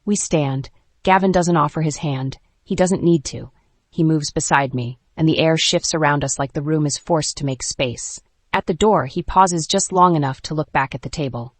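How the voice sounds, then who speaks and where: Woman narrating a dark romance audiobook. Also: deep voice, normal speed, dry recording.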